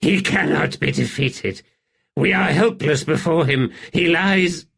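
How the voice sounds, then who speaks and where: A man's voice: a little high, unhurried, gravelly, fairly bright tone, husky, voice pushed up, exaggerated voice. A man voicing an anguished male warrior emperor who has just come back from death, speaking in strained, broken phrases.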